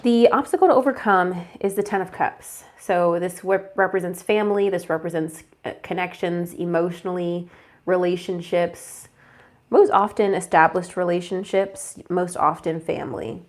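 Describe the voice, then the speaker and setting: A young woman with a slightly low voice gives a laid-back tarot reading. She sounds congested and stuffy, chatting loosely, trailing off and restarting her sentences. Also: steady tone, normal speed. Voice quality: casual, chatty with fillers and self-corrections. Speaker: tarot reader. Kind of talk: casual tarot forecast.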